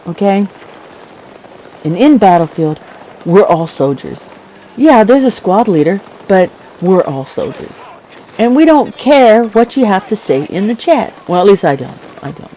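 A man's voice: fairly high pitch, dark tone, slight background noise, rough recording. A man giving casual, jokey commentary over his own gameplay, chuckling often and talking back to the game. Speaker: gamer narrating his play.

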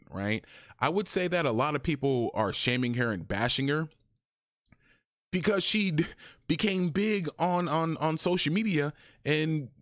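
A man talking casually in a review vlog, chatty and animated, his voice jumping higher when he quotes people. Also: no echo, clean studio sound. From Arizona, USA. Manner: chatty, animated, often rises in pitch when quoting. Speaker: YouTube reviewer.

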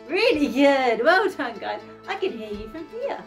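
Leading a children's exercise class over light background music, a young female instructor counts down the moves with upbeat encouragement. Her high voice is very animated, unhurried, and has few pauses.

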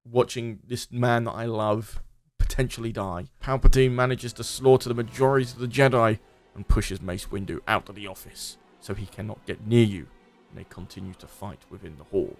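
A man's voice: fairly low pitch, steady tone, moderate pace. A man hosting a gaming video, reading a text game aloud with sardonic, laughing commentary. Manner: sardonic, laughing at the absurd story.

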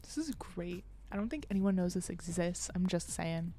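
A woman streaming a game, talking excitedly, gasping, shrieking and swearing, and dropping to whispers while she hides. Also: lowish voice, normal speed, few pauses. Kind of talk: excitable gaming stream commentary.

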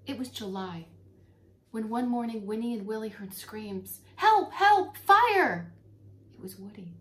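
A preschool teacher, a woman, reading a story aloud to young children, expressive and talking to them directly. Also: medium pitch, moderate pace. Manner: animated and expressive, talks to children.

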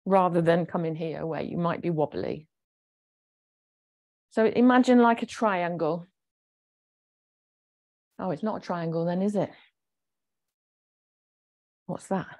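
A woman leading a gentle exercise class, chatty and encouraging as she explains each movement. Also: lowish voice. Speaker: fitness instructor.

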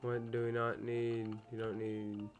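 A man's voice: medium pitch, monotone, measured pace, soft background music. A young man casually commentating a game he is playing at home, chatty and easily annoyed, swearing at the game now and then. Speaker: gameplay commentator.

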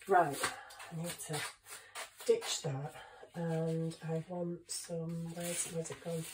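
Woman, low voice, casual chatter, thinking aloud, faint background noise. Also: level tone, slow pace. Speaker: craft vlogger. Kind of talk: casual crafting chat. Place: home kitchen.

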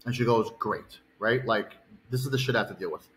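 A man's voice: medium pitch, quick pace, a little hiss or hum, rough recording. A man, a fitness coach, telling a long, heated, profane story and checking in with "okay" and "right.". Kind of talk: ranting storytime vlog.

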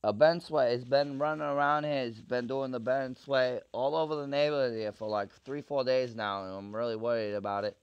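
A man making a prank phone call, ranting in a profane, irritated way with loud outbursts. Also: medium pitch, fairly even intonation, a little fast, hardly any pauses, clean tone. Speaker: prank caller.

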